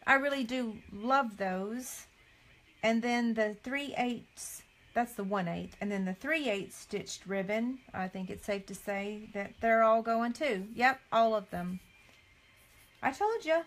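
Slow-talking chatty woman. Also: on the high side. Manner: chatty, dismayed sighs, reading items off a catalog. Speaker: craft demonstrator. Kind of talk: casual live chat with viewers.

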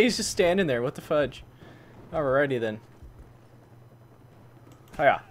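A man doing excitable gameplay commentary, who swaps swear words for mild ones like "fudge" and breaks into loud, high-pitched outbursts. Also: normal speed, long pauses. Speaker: gaming channel host. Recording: faint game noise behind. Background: gunfire from the game.

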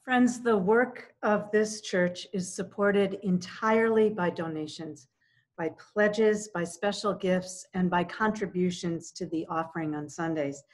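A woman with a somewhat low voice makes a church offering appeal. She speaks plainly and directly to the congregation. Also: a little slow. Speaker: church announcer. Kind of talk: offering announcement.

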